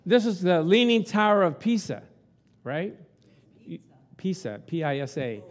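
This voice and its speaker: A man's voice: sits high, sing-song, unhurried. A man in his sixties preaching a sermon in a conversational, folksy way with an Italian accent. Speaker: pastor.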